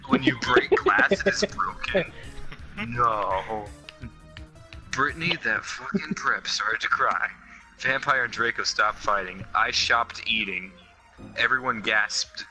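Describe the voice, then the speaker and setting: A man's voice: medium pitch, animated, slow pace, sharp tone, soft background music, low-quality recording. Man giving a sarcastic comic reading. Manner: sarcastic asides between lines. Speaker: reader and host. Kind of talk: comedic dramatic reading.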